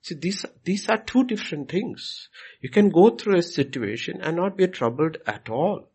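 A pastor's Q&A teaching comes in a high-pitched, animated voice with a darkish tone and breathy edge, delivered at normal speed. He stresses and restates his points, acting out each quoted question.

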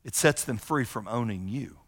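A man preaching a sermon as a pastor, conversational and animated, often acting out the voices of the people he quotes. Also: medium pitch, moderate pace. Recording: long hall reverb.

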